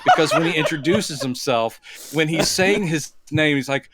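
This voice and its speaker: A man's voice: on the high side, moderate pace, very noisy. A man co-hosting a podcast, recapping a bad movie with laughter and quoted lines. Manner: animated storyteller, laughs often, acts out quotes. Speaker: podcast co-host. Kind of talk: casual comedic movie recap.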